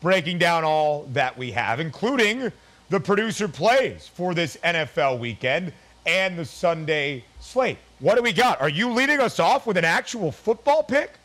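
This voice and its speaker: A man hosting a sports betting show, joking with passers-by and his producer in quick, playful questions. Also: a little high, animated, fairly bright tone. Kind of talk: playful street interviews and betting banter.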